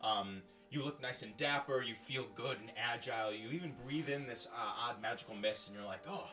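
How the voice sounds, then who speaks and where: A man's voice: mid-range voice, brisk, bright, forceful tone, distant mic, soft background music. A man narrating as game master in a loose, laughing way full of fillers. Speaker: dungeon master.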